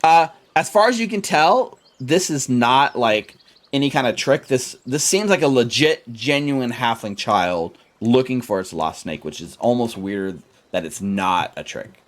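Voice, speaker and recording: A man's voice: mid-range voice, animated, measured pace. A man narrating as game master, loose and chatty with lots of fillers.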